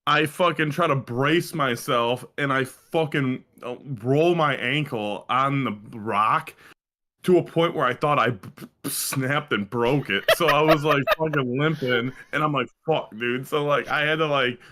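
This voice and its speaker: Swearing, rambling young man with a bright voice. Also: medium pitch, a little slow. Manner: rambling storyteller, heavy swearing and fillers. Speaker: podcast co-host. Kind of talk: casual chat.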